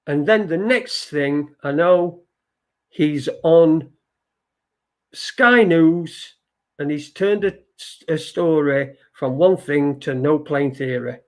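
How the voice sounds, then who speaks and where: A man's voice: a little high, takes it slowly. A man hosting a live stream in casual chat, reading viewer comments aloud, rambling and swearing and repeating himself. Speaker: livestream show host.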